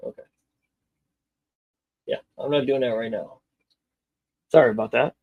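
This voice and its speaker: A man's voice: mid-range voice, measured pace, vocal fry, phone-quality sound. A man chatting casually on a live stream while he repairs a model car, rambling, joking and muttering to himself as he works.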